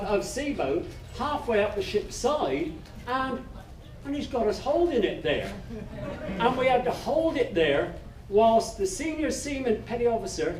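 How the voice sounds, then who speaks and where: A man with a fairly high voice tells a comic story on stage, rambling and amused at himself, often restarting his sentences. He sounds distant in a roomy live space. Audible ambient noise sits around him. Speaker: folk singer and storyteller. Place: live music festival stage.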